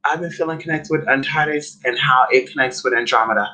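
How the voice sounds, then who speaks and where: A man's voice: mid-range voice, a little fast, sharp tone, rough recording. A man chatting casually on a spiritual vlog, sassy and profane, full of theatrical asides. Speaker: spiritual vlogger. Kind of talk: casual live-stream chat.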